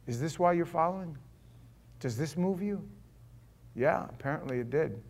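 A man in his forties preaching a sermon, animated, swinging from loud exclamations to hushed asides and acting out quotes. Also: on the high side, measured pace, long pauses, husky. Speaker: pastor.

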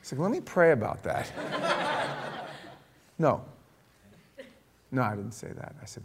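A middle-aged man preaching a sermon, telling a story with lively acted-out dialogue. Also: mid-range voice, unhurried, pauses often, a little hiss or hum. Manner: storytelling, animated, acts out dialogue. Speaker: pastor.

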